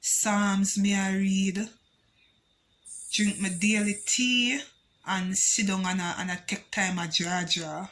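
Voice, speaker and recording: A woman vlogger with a Jamaican accent tells a personal story, moving between patois and English with animated emphasis. Her voice sits in the mid-range and her pace is slow.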